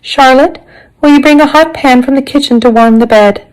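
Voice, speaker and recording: A woman's voice: sits high, normal speed, a little mellow, voice pushed up, natural voice, low-quality recording. A woman voicing a weary, shaken mother in a storybook reading.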